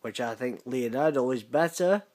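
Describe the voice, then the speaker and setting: A man's voice: mid-range voice, animated, normal speed, a little mellow. A British man hosting a gaming channel, reacting to voicemails in a laid-back, swearing, laughing way. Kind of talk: casual reaction commentary.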